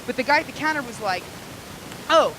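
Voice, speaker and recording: A woman's voice: on the high side, expressive, very fast, a bit bright, slight background noise, poor audio. A woman stand-up comedian telling crude, rambling stories with lots of fillers, recorded live in a small comedy club.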